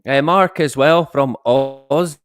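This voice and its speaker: Speaking slowly in a medium-pitched voice, a man in his thirties chats with and greets viewers on a livestream from his home. He is jokey and self-deprecating, swears without a second thought, and laughs frequently, and there's no room sound on the recording.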